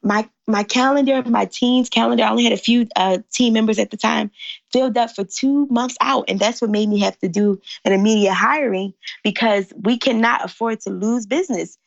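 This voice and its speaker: A woman from Philadelphia, an interview guest, telling an excited story that acts out the people in it. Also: a little high, brisk, vocal fry, no echo. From Philadelphia, USA. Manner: excited, exclamatory, acts out quoted voices. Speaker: guest, company founder. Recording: dull lo-fi sound.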